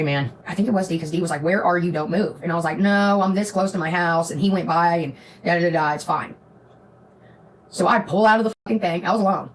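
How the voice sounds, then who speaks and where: A woman's voice: deep voice, a little hiss or hum, rough recording. A woman on a live stream telling a rambling, profane story in casual chat. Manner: profane, rambling, animated retelling.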